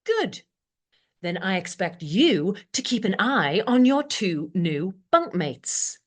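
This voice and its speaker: A woman's voice: mid-range voice, big pitch swings, slow. A woman playing a strict, smug female deck sergeant in an audio comedy, commanding and officious. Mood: bossy.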